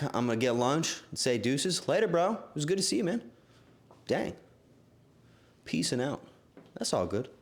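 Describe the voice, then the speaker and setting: A man streaming live, chatting with his viewers in a playful, teasing, excitable way. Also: medium pitch. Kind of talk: livestream chat with viewers.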